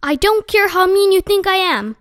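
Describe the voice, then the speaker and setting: A woman reading a storybook aloud and voicing a stern, exasperated mother who scolds her children in a sharp, raised voice. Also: extremely high pitch, lively intonation, moderate pace, no echo, pitched above the performer's own voice. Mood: scolding.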